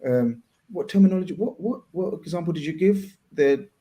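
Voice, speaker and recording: A man's voice: a little high, mellow. A man hosting a casual live stream, reading out viewer messages and asking his guests about them. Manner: reads viewer messages aloud, halting. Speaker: host.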